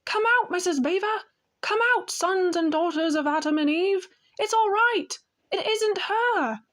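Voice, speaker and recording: A woman voicing an excited male beaver who calls out from a distance in delight. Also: sits high, normal speed.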